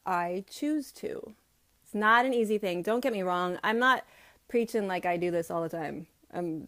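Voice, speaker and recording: A woman in her thirties speaks straight into her phone from home, coaching fellow homeschool parents in an earnest, chatty way. Her voice sits at an ordinary middle pitch. Now and then she drops into little acted-out quotes of what people say. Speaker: homeschooling vlogger. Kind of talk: casual livestream talk. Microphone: phone camera.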